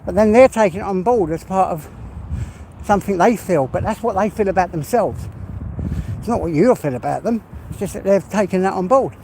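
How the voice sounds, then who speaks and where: A man's voice: sits high, animated, fairly quick, a little mellow. A man with an East London accent, chatting casually and rambling while he walks his dog on a busy street. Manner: rambling, chatty, mild swearing. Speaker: vlogger. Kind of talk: casual live chat while walking a dog. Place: outdoors on an urban street with traffic. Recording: outdoor street noise and traffic.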